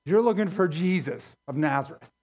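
A man voicing a friendly male angel who calmly and repeatedly tells frightened visitors not to be afraid, in casual slang. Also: a little high, moderate pace, breathy edge. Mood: soothing. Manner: reassuring, repetitive, casual slang.

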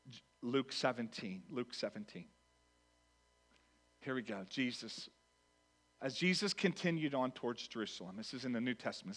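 A man preaching a sermon to a church congregation, animated, dropping to a hush and then rising to loud lines. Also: medium pitch. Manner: animated, swings from hushed to loud acted quotes. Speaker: pastor.

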